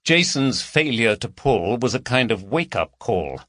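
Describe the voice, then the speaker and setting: A man narrating a crime mystery audiobook in a steady, expressive storytelling manner. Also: mid-range voice, measured pace, no room sound, clean studio sound. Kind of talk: scripted narration.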